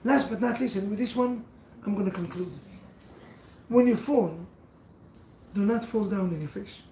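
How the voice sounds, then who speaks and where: A man giving a sermon as a rabbi to a seated audience, telling stories in halting, non-standard English. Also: sits high, gravelly, warm tone, roomy sound, recorded from a distance, slight background noise, low-quality recording.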